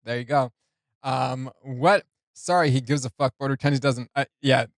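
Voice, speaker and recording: A man talks through song lyrics for his reaction channel in an easygoing, unscripted way, laughing softly between thoughts and stumbling through fillers. His voice sits in an ordinary middle pitch. The recording is close and dry, with no room echo. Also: fairly even intonation, normal speed. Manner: chuckles often, loose, with many fillers. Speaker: reaction video host. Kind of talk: casual reaction commentary explaining rap lyrics.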